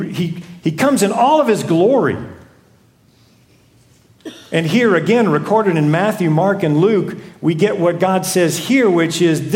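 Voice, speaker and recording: A pastor with a fairly high, darkish-toned voice preaches a sermon, telling stories and repeatedly posing rhetorical questions. The recording has an echoey room sound.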